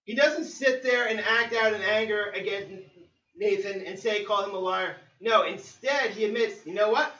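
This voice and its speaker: A male preacher delivering a sermon, telling the story in a lively way with acted-out quotes. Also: sits high, moderate pace. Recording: roomy, distant, dull sermon recording.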